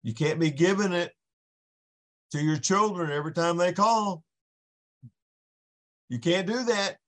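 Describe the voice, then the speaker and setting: A man's voice: sits high, unhurried, fairly bright tone. A man, a podcast guest, giving an impassioned faith testimony in an earnest storytelling manner with frequent restarts.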